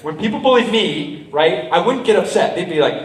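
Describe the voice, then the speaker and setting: A man giving a lively motivational talk to a school assembly as a speaker and juggler, often checking in with "right?" and "okay?". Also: sits high, a little fast. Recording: roomy hall, mic from a distance.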